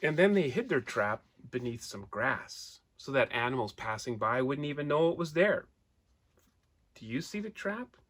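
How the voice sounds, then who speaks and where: Male storyteller reading to children, lively, draws listeners in with questions and pictures. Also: medium pitch, moderate pace, hardly any pauses. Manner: animated, asks listeners questions; points out pictures while telling.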